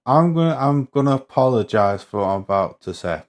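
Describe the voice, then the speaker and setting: A man's voice: medium pitch, animated, fairly quick. A man, co-hosting a casual podcast chat, blunt, sweary and incredulous. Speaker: podcast co-host.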